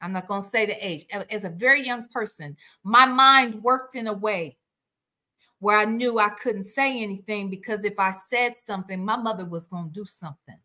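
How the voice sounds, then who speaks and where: A woman's voice: medium pitch, moderate pace. A woman hosting a casual reaction livestream, outspoken and swearing freely as she talks to her viewers. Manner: outspoken, profane, animated. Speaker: livestream host.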